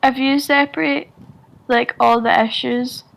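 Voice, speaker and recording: A woman's voice: high voice, fairly even intonation, a little slow, creaky, fairly bright tone, rough recording. A woman with a Scottish accent chatting casually on a group voice call, rambling with lots of fillers, restarts and swearing. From Scotland. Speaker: Discord server member.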